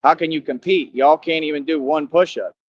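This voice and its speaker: A man's voice: on the high side, fairly quick, dry recording. A young man in a boastful, confrontational monologue to the camera, full of slang and rhetorical questions. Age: young adult. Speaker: vlogger. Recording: dull lo-fi sound.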